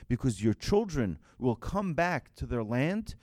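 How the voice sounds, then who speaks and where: A man's voice: mid-range voice, big pitch swings, unhurried, few pauses, darkish tone, no room sound, studio quality. A man, a rabbi, telling a story in a sermon, acting out the voices and often restarting his phrases.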